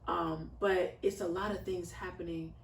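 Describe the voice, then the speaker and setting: As a podcast guest in a casual interview, a mother in her thirties shares heartfelt, earnest words with a preaching lilt. Her fairly low voice carries vocal fry and a level tone at a moderate pace, sounding distant and off-mic in an echoey space with faint background noise.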